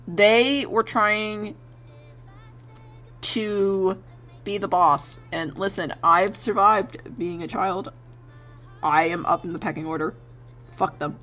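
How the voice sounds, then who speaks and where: Young female streamer, lowish voice, desk mic at home, casual and profane, acts out the people in her stories. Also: expressive, slow pace, pauses often, fairly bright tone, soft background music. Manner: swearing, laughing, storytelling, plays the people she quotes. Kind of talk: casual chat while drawing on stream.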